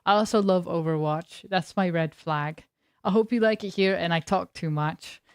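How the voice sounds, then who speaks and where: A woman's voice: on the low side, normal speed, clean tone, dry recording, studio quality. A young adult woman streaming as a variety streamer, chatting casually with her viewers in a rambling, talkative way and laughing often. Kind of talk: casual chat with live viewers.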